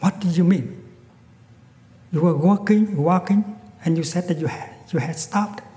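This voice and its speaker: A man voicing a furious young male bandit who shouts loud, commanding threats. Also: high voice, moderate pace, voice pushed up, natural voice. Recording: echoey hall, long reverb.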